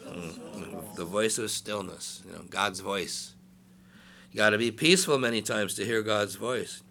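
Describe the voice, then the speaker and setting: With a lowish, creaky voice that's bright and forceful yet unhurried, a pastor in his sixties delivers a sermon conversationally. Asides and jokes with the congregation mix with scripture he reads aloud in a raised voice.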